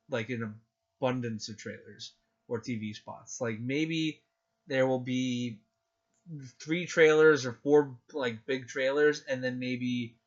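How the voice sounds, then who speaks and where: A man chatting on a podcast, excitable and gushing, acting out his own reactions as he talks. His voice sits at an ordinary pitch. The recording is dull and lo-fi. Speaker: podcast co-host. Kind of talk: casual chat.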